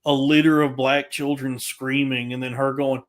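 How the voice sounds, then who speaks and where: Man, podcast co-host, crude and animated rant, heavy swearing, mid-range voice. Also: mid-range voice, moderate pace. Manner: crude, profanity-heavy storytelling; animated, frequent restarts. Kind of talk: casual podcast chat.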